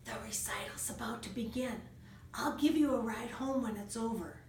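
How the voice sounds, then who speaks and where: A woman's voice: on the high side, normal speed, close to an everyday voice. Woman voicing a shy little girl whale. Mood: glad. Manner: soft, hesitant. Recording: roomy room, distant mic, faint noise.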